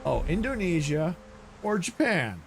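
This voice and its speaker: A man streaming a video game live, thinking aloud in a casual, excitable way. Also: a little high, a little slow, gravelly, slight background noise. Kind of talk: live gameplay commentary.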